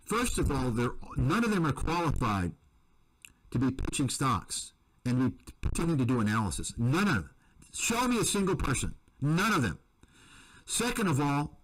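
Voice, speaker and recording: Male commentator, fairly high voice, combative and repetitive, calling people out. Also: low-quality recording. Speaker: investment analyst and commentator. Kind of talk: heated rant to viewers.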